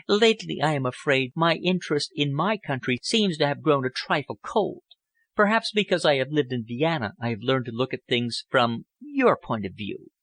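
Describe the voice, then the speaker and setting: A man voicing a poised, worldly young woman who speaks in a languid, elegant, gently persuasive way. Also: mid-range voice, no echo.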